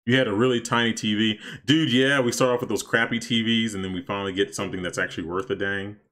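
A man casually commenting on his gameplay for stream viewers, chatty and excitable, talking to his chat. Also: on the low side, fast talker. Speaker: streamer playing a life-sim game.

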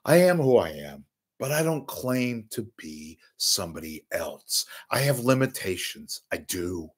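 Middle-aged guy ranting and cussing, mocking tone, pitch jumps all over. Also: big pitch swings, unhurried, husky. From San Francisco Bay Area. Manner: profane, sneering, mocking rant. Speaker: podcast host. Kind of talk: ranting commentary.

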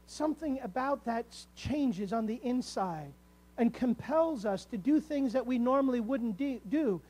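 Speaking from the pulpit like a pastor, a high-voiced man delivers a sermon to his congregation. His tone is warm and expressive, and he rises to emphatic calls while drawing out important words slowly to give them weight.

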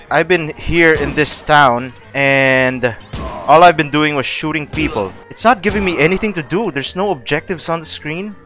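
A young man gives loose, excitable commentary on his game, laughing often and swearing freely. His fairly high voice swings up and down wildly as he reacts. Faint music plays underneath. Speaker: gaming streamer. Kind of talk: let's play commentary.

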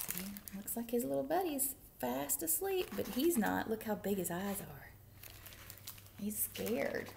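A children's librarian at storytime, reading a picture book aloud in a playful, very animated voice. She speaks slowly, and her voice has a light gravelly edge. She stops for asides to the little ones. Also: medium pitch, noisy background.

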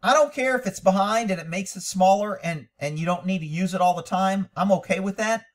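A man's voice: sits high, a little fast, distant mic. A man critiquing a training video as a horse trainer, blunt, profane and lecturing.

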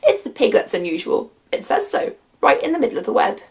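A woman voicing a middle-aged male farmer, earnest and awed, speaking in a solemn, hushed way. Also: on the high side, sing-song, brisk, gravelly. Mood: insistent.

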